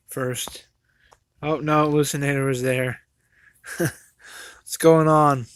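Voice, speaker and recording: A fired-up man rants on his home livestream, cursing and tripping over his own restarts as he talks. His voice sits a little high for a man. The recording is dry and close, with no room echo. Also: fairly even intonation, drawn-out words, long pauses, clear, resonant tone. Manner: profane, heated, repetitive stammering restarts. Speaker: livestream host. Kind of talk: angry livestream rant.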